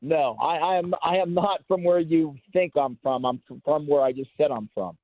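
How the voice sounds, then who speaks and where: Male caller, American accent, halting and rambling, slightly higher voice, phone-line sound. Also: no room sound. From England. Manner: rambling, halting, with many restarts. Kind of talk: phone-in call to a sports radio show.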